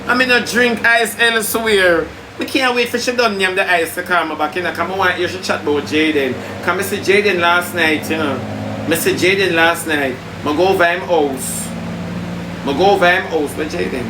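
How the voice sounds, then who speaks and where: A man with a Jamaican accent hosting a loud, teasing live chat in patois with a flamboyant manner. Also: high-pitched, normal speed. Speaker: TikTok live host. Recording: echoey room with loud background noise.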